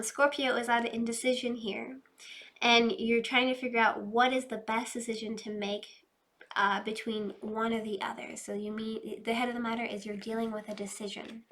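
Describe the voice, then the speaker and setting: A woman doing a casual, chatty tarot reading, fast-talking and loose, addressing her viewers directly. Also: fairly high pitch, little pitch movement, pushed and bright. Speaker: tarot reader.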